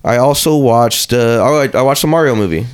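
A relaxed young man talking easily with friends on a podcast. He agrees readily and keeps things loose and unhurried, in a middle-pitched voice. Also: clear, resonant tone. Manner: laid-back, agreeable, says "man" a lot. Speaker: podcast co-host. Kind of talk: casual chat.

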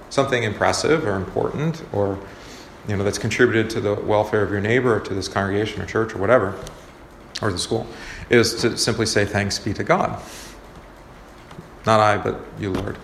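A man, a pastor, leading a casual Bible study, talking conversationally and often asking the group questions. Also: fairly low pitch. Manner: conversational, asks the group questions, many fillers. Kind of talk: casual teaching talk. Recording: roomy echo, faint background noise.

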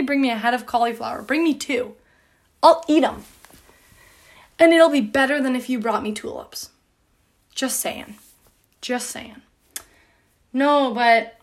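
A young woman hosting a podcast chats casually in a high voice at a moderate pace, pausing often. She sounds breathless and rambles, packing in fillers, frequent "like"s and laughter.

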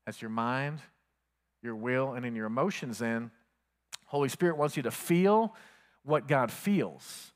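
A man's voice: mid-range voice, unhurried, pauses often, long reverb tail. A man preaching a sermon as pastor, talking conversationally and asking the congregation questions.

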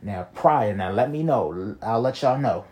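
A man's voice: fairly low pitch, lively intonation, unhurried, darkish tone. A young man telling a personal story in a casual, rambling monologue, full of slang and "you feel me.". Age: young adult.

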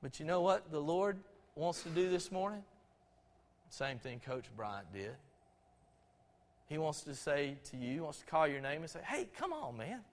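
A middle-aged Southern man from Georgia delivers a folksy, storytelling sermon, stumbling through restarts as he talks. His voice sits high for a man. His words ring out with a long echo across a church sanctuary. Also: moderate pace, pauses often. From Albany, Georgia, USA. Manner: folksy, conversational, with frequent restarts. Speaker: pastor.

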